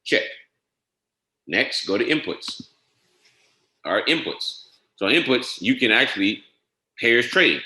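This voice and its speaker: Methodical man walking through software setup. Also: medium pitch, very animated, unhurried, pauses often, echoey room. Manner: methodical, spells out each entry step by step; casual, drops frequent "all right?" check-ins. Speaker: software trainer. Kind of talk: screen-share software walkthrough.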